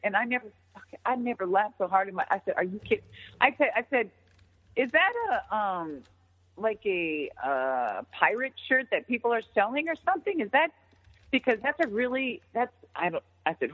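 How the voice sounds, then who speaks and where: Over a tinny phone line full of long reverb, this former wrestler is an interview guest spinning casual stories. Her voice sits fairly high with a breathy edge, and she's profane and lively, performing other people's lines.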